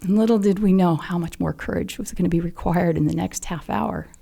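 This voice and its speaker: On a podcast, an older woman who lost her SEAL son tells her story sincerely and from the heart, now and then falling to a near whisper. Her voice is on the low side, warm and husky with vocal fry, and a little fast.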